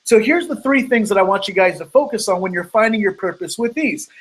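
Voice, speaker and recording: A motivational speaker telling a personal story in an earnest storytelling manner, acting out the quoted lines, over an online video call. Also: male voice, high voice, expressive, fairly quick, low-quality recording.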